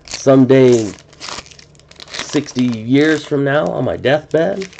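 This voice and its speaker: A man's voice: medium pitch, expressive, slow pace, vocal fry, a little mellow. A man hosting a card-breaking live stream, chatting casually and musing aloud as he goes, often restarting his sentences. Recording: dull lo-fi stream audio with faint noise.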